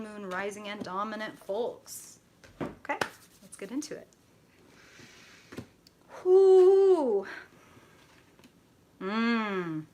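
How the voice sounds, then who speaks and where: A talkative woman reads tarot cards on a livestream. She chats loosely with her viewers, laughs easily and drops the odd swear word. Her voice sits at a middling pitch. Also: noisy background. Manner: chatty, laughs often, swears, talks to viewers by name. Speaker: tarot reader hosting a livestream. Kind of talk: casual live tarot reading.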